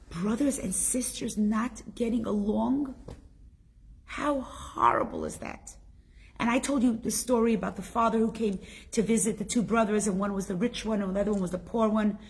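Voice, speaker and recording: A woman's voice: mid-range voice, normal speed, a little mellow, slightly rough. A middle-aged woman teaching a Torah class, telling stories emphatically and asking the listeners rhetorical questions. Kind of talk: spoken Torah lesson.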